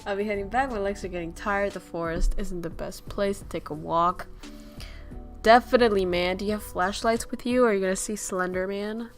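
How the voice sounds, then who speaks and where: A woman streamer chats casually with her viewers, rambling from joke to joke. She laughs often and swears freely, at a middle pitch, with soft music faintly underneath. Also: moderate pace. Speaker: streamer host.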